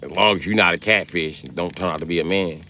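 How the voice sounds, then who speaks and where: A man hosting his own live stream, reading out viewer comments and riffing on them. He talks in a fairly low voice with loose, crude, joking banter that rambles from one bit to the next. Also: fast talker, sharp tone, a little hiss or hum.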